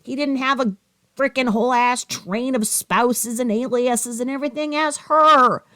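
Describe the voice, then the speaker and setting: A woman's voice: high-pitched, a bit bright. A woman giving a heated, sarcastic commentary rant, scolding with rhetorical questions and audibly angry. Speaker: commentary YouTuber.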